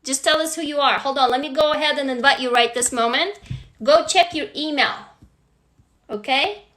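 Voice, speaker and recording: This livestream host's voice sits high, with a sharp tone and normal speed. She talks straight to her audience in a casual way, guiding them through writing prompts and getting excited about each new arrival.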